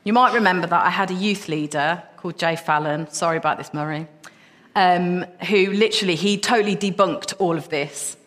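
A woman's voice: on the low side, brisk, fairly bright tone. A woman preaching a sermon, passionate and emphatic, her voice rising into repeated questions. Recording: long reverb of a hall.

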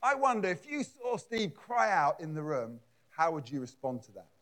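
A man's voice: fairly high pitch, animated, normal speed. A man preaching a conversational sermon in a church, often repeating words and adding asides. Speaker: pastor.

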